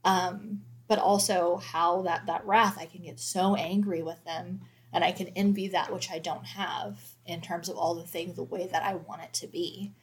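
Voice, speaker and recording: A woman's voice: lowish voice, fairly even intonation, normal speed. A woman in her thirties, a mother of four, talking candidly and reflectively in a casual faith conversation, with many fillers.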